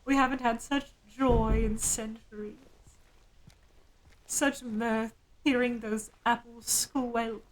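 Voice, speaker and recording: A woman voicing an ancient, centuries-old spirit that relishes mirth, in a theatrical, drawn-out manner. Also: fairly high pitch, little pitch movement, voice pushed up, rough recording. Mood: gleeful.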